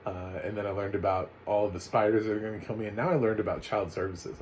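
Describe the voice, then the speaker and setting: An American man giving a casual, chatty spoken film review, full of animated asides and fillers. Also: on the low side, quick pace, slight background noise, rough recording. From United States. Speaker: movie reviewer.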